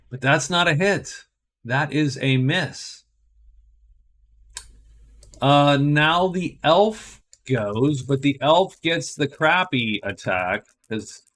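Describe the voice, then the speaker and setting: Guy narrating his solo board game, thinking out loud move by move, mid pitch. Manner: thinking aloud, explaining each move step by step.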